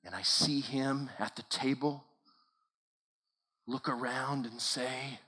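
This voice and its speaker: Bright, slow-paced man preaching in a hall. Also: medium pitch, fairly even intonation, breathy edge. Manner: emphatic, storytelling, rising to forceful declarations. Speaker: camp speaker. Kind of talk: sermon. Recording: long hall reverb.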